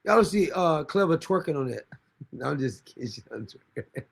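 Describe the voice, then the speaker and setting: A man's voice: on the high side, expressive, moderate pace, creaky, faint music behind. A man hosting a casual livestream, rambling and mocking with frequent laughter, talking now and then to someone beside him. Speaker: livestream host.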